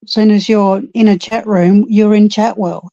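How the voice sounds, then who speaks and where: Earnest woman, mellow voice, muffled lo-fi audio. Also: medium pitch, fairly even intonation, moderate pace, no echo. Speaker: chat regular. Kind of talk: casual chat.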